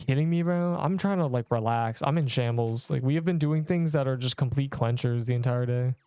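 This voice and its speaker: A man's voice: medium pitch, fairly quick, warm tone, clean tone, no room sound. A young man streaming a video game, chatting casually and rambling to his viewers. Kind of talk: casual live-stream commentary.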